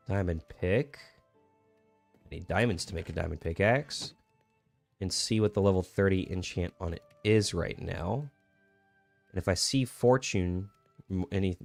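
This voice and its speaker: A man's voice: low voice, gravelly, darkish tone. A young man streaming a game, chatting casually in a laid-back, rambling way with many fillers and restarts. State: hiccuping. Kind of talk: casual gaming stream chat.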